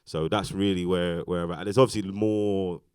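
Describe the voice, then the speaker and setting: A man's voice: deep voice, steady tone, normal speed, darkish tone, smooth, no echo, studio quality. A British man, an actor and interview guest, talking casually on a festival stage in a rambling way, with many fillers and restarts. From Britain. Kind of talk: casual onstage conversation.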